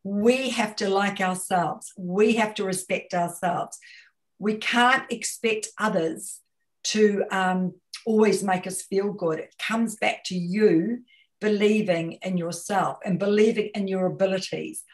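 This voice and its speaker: A woman's voice: medium pitch, steady tone, unhurried. A woman with a New Zealand accent giving a webinar talk as a communication consultant, emphatic and fond of rhetorical questions and repeated phrases. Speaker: guest speaker, communication consultant.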